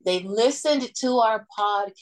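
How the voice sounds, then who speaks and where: A woman's voice: a little high, measured pace. A woman co-hosting a podcast in casual chat, talking with enthusiasm and casual swearing. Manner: enthusiastic, chatty, profane. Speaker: podcast co-host.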